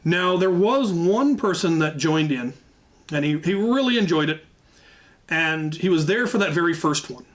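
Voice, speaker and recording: A man with a somewhat high-pitched voice tells a story from his past to his channel's audience. His delivery is casual and lively, wandering into asides as he goes. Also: moderate pace. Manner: lively anecdotal retelling with frequent asides. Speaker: channel host telling a story.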